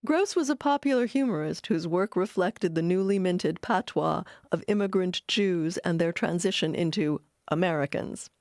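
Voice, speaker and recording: A woman's voice: on the low side, normal speed, few pauses, darkish tone, dry recording, clean studio sound. Woman narrating a documentary.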